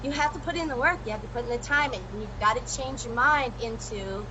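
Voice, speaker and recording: A woman guest telling her own story in a lively, animated way during a casual chat. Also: a little high, brisk, background noise.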